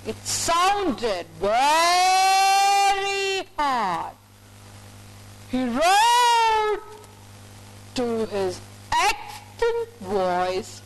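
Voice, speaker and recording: A woman coaching storytelling, telling a tale in a drawn-out, theatrical way. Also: very high voice, sing-song, a little hiss or hum, rough recording. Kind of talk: storytelling demonstration.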